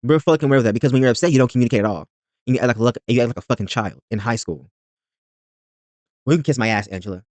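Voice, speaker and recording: A man's voice: mid-range voice, racing, long pauses, a little mellow, no room sound. A man hosting a reaction video, recapping a reality show in a rambling, blunt and profane way.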